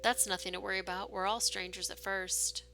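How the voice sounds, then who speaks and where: A woman's voice: mid-range voice, flat delivery, a little fast, gravelly, soft background music. Woman reading a cryptic masked male patient. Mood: secretive. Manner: hushed, cryptic warnings. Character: secretive masked male hospital patient, urgent and warning.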